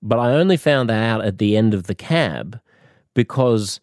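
A lower-pitched Australian man delivering a sarcastic, rambling comedy monologue. The sound is dry and close, with no room around it. He keeps leaping into high, mock-innocent asides. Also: lively intonation, moderate pace, a little mellow, no echo.

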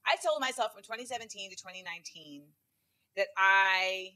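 A woman's voice: medium pitch, moderate pace, bright, forceful tone. A woman comedian telling stories animatedly in a casual interview, with many fillers. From United States. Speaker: guest comedian.

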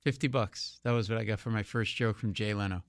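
A middle-aged man from New England, a comedian guest telling lively anecdotes and acting out voices. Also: fairly low pitch, brisk, no echo, clean studio sound. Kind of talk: animated storytelling.

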